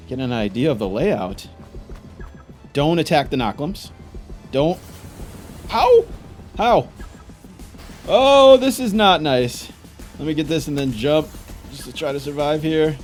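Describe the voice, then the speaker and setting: Frantic young man, lively gaming commentary. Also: a little high, unhurried, long pauses, faint music behind. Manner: frantic, exclaiming, frustrated. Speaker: gaming YouTuber. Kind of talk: gameplay commentary.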